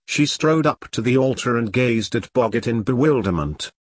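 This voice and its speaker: Guy reading a story out, husky, dry close sound. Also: medium pitch, lively intonation, normal speed, few pauses, dry recording. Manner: dramatic storytelling. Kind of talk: audiobook narration.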